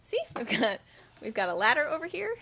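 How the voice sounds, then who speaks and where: A woman's voice: fairly high pitch, sing-song, a little fast, gravelly, pushed and bright, a little hiss or hum. A woman teaching kindergarten in a home video lesson, recorded on a tripod camera. She speaks in a cheerful singsong teacher voice and turns firm when she corrects the children. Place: home room with a cluttered floor.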